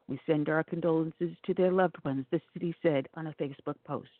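A talk radio host reads news articles aloud on air in a steady delivery and sometimes stumbles over names. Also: medium pitch, no room sound. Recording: tinny phone-like, dry sound.

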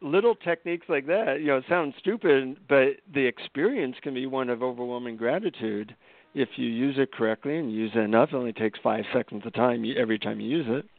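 A man's voice: medium pitch, a little fast, no echo. A man telling a story on a phone line. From Northern California. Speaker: guest author and psychotherapist. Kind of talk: animated storytelling. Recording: dry tinny phone-line sound.

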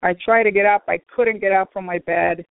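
A woman's voice: mid-range voice, steady tone, brisk, vocal fry, dry recording. A woman giving an earnest personal faith testimony on a radio program, repeating herself and calling out to her brothers and sisters. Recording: tinny phone line, dry.

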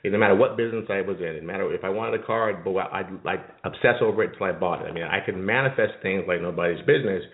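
A man's voice: sits low, very fast, hardly any pauses. A middle-aged man from Jamaica, a diet coach hosting a live call, telling a personal story in an earnest, rambling way with many repeated words. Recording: tinny phone line, echoey.

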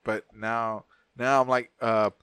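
A man's voice: medium pitch, takes it slowly, clean tone, dry recording. A man co-hosting a podcast, telling a story in casual, profane chat and acting out the voices of the people in it. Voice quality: profane, animated, acts out voices in anecdotes. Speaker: podcast co-host.

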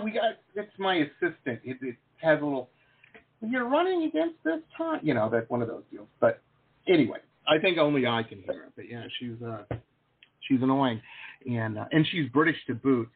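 A man's voice: mid-range voice, lively intonation, moderate pace, slightly rough. A man hosting an interview over a video call, chatty, jokey and rambling. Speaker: host, painter. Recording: tinny phone-like call audio.

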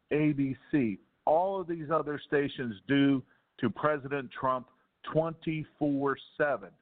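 A male guest calls in to a political talk show and rants heatedly, breaking into laughs. His voice is mid-pitched, and it sounds tinny and narrow, as if heard over a phone. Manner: heated, fast ranting with laughs. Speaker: caller guest.

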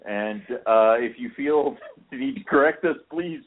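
A man's voice: mid-range voice, expressive, a little slow. A man co-hosting a podcast in casual chat, rambling and self-deprecating, with casual swearing. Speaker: podcast co-host. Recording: tinny phone-like audio.

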